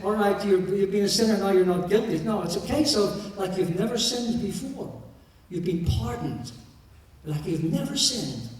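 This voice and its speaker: A middle-aged man leading a memorial service as minister, preaching and explaining with light joking asides. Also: high voice. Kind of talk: sermon. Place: church. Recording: echoey church from far off.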